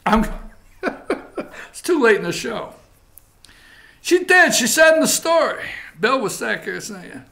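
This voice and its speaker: A man hosting a morning talk show, reading headlines aloud and joking about them in a casual, animated way. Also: high-pitched, normal speed, gravelly, pauses often. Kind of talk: casual political commentary.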